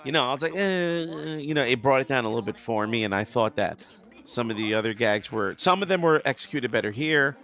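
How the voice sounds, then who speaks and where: A man chats casually as a podcast guest, his voice mid pitched with a strong gravelly fry. He laughs often and stumbles over repeated words while he gathers his thoughts. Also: lively intonation, fairly quick, fairly bright tone. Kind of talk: casual chat.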